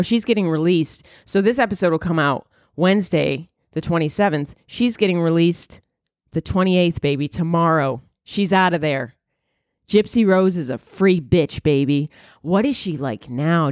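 A woman's voice: animated, normal speed, dry recording, clean studio sound. Profane, rambling woman comic. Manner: profane, rambling, swings into loud high exclamations. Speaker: comedian podcast host. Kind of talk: casual comedic monologue.

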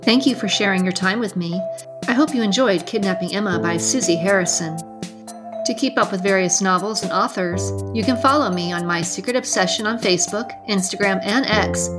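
A woman's voice: medium pitch, moderate pace, music in the background. Woman narrating a novel aloud. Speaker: book reader and channel host. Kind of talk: audiobook narration.

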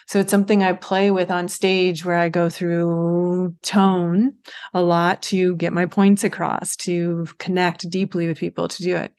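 A woman hosts a podcast interview in a slightly low voice. She talks in a friendly, conversational way, affirming her guest and building on what the guest says. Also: little pitch movement, unhurried, a little mellow.

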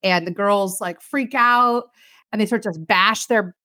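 A podcast co-host with a mid-range voice retells a film sardonically, speaking a little slowly in casual conversation. She says "like" constantly and acts out the lines she quotes with animated flair. The studio sound is clean, with no echo.

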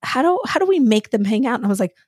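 A woman co-hosting a podcast in casual chat, an animated storyteller who acts out the people she quotes. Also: a little high, rapid-fire, breathy edge, no echo, studio quality. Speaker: podcast co-host.

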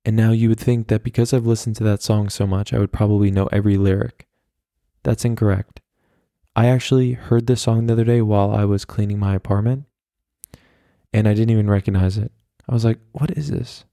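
Talking briskly, a young man hosting a solo podcast meanders from topic to topic in a gravelly, low voice that holds flat and steady. His mellow, dark tone comes with self-mockery and many fillers in a chatty, casual monologue. The sound is close and dry, without any room echo.

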